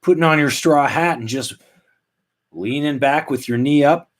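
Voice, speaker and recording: A man in his late thirties hosting a solo comedy podcast, rambling in a deadpan, self-mocking way. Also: a little high, normal speed. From Canada. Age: 30s. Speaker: podcast host. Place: at home.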